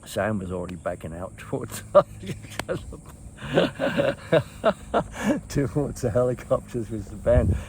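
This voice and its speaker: A man's voice: mid-range voice, very animated, slow, long pauses, a little mellow, a little hiss or hum. An older man hosting a show, telling rambling stories from his past in a casual way, with frequent chuckles and restarts. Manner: rambling, chuckles often, many fillers and restarts. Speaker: host. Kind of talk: casual reminiscing storytelling.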